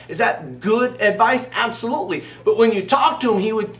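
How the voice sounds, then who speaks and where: In an echoey room and at a distance from the microphone, a man with a high, somewhat bright voice delivers a motivational talk to camera as a business coach. He speaks a little fast with few pauses, emphatic and repetitive in his fervent urging.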